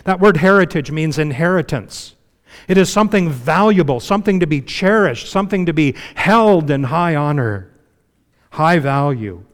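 A man preaching a sermon in a relaxed, conversational way, full of "you know"s and dropping to a hushed voice to stress a point. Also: on the high side, normal speed, in a large hall. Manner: conversational preaching with frequent you-knows, dropping to a hush for emphasis. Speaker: pastor.

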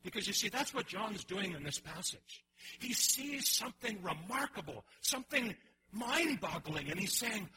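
A man preaching a sermon in an animated way, often restarting his phrases and acting out the voices he quotes. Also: high-pitched, moderate pace, husky, rough recording. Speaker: pastor.

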